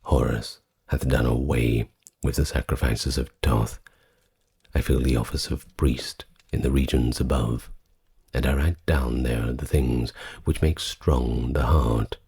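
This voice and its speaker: A man reading ancient sacred texts aloud in a slow, soft-spoken ASMR style, with a solemn and measured recitation. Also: very deep voice, fairly even intonation, vocal fry, slightly rough.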